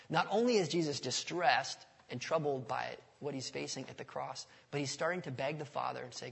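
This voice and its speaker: Gravelly male pastor in a reverberant hall. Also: fairly high pitch, fairly quick. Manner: conversational, asks the audience questions. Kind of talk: sermon. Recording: long reverb of a large hall.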